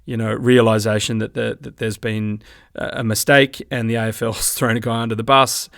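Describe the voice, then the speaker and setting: A man with an Australian accent co-hosting a casual sports podcast, animated and acting out the umpires' lines. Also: lowish voice, moderate pace, gravelly, no room sound, clean studio sound. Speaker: podcast co-host.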